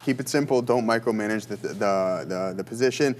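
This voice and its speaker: A man's voice: medium pitch, fairly quick, slight background noise. A man hosting a live trading stream, thinking aloud and joking as he calls his trades. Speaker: livestream trading host.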